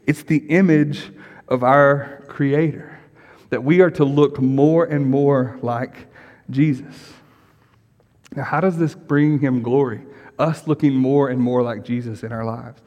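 A man's voice: medium pitch, steady tone, takes it slowly, a little mellow, big-room sound, muffled recording. A middle-aged man, a pastor, preaching a sermon in a casual, conversational way and often checking in with the congregation. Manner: conversational, asks the congregation questions and repeats "right?".

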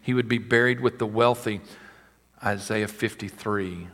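Booming pastor preaching in a reverberant hall. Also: male voice, fairly even intonation, measured pace. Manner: preaching with sudden swells and quiet asides. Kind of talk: sermon.

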